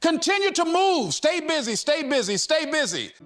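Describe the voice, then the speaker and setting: A man exhorts a crowd in a high voice that leaps up and down, shouting key lines and driving every phrase home with repetition. His delivery is fiery and relentless. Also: very animated, moderate pace, faint music behind. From United States. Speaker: motivational speaker. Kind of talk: motivational speech.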